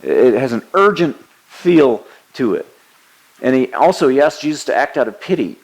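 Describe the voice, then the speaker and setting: A man's voice: mid-range voice, sing-song, moderate pace, poor audio. A man preaching a sermon, teaching earnestly and quoting scripture with emphasis. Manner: frequent hesitations and restarts.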